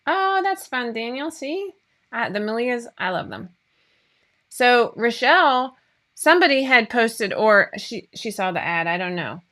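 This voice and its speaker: A woman's voice: a little high, big pitch swings, measured pace, a bit bright. A woman, hosting a casual live-stream chat in a bubbly, rambling way with many fillers. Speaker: host of a sewing pattern company show.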